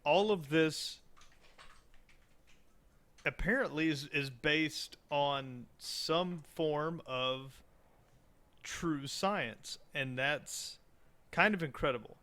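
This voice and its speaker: A man's voice: on the high side, drawn-out words, long pauses, sharp tone. A man co-hosting a podcast in loose, joking chat, rambling with restarts and swearing. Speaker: podcast co-host. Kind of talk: casual chat.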